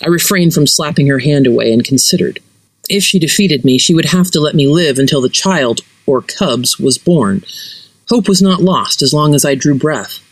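A narrator reading a fantasy story aloud, expressive and varied. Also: mid-range voice, moderate pace, dry recording, rough recording. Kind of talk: fiction reading.

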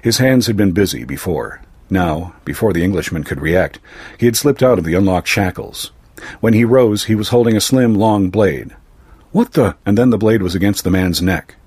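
Man, story narration, measured, low voice, husky, dry close recording. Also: lively intonation, darkish tone, dry recording.

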